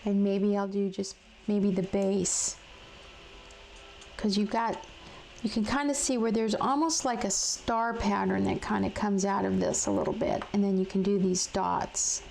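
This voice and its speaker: A woman hosting a casual live craft demonstration from her home craft room. She is chatty and halting, with many fillers and restarts, and she talks to viewers in the chat while she colors. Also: medium pitch, flat delivery, gravelly, darkish tone, slight background noise, rough recording. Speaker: crafting livestream host.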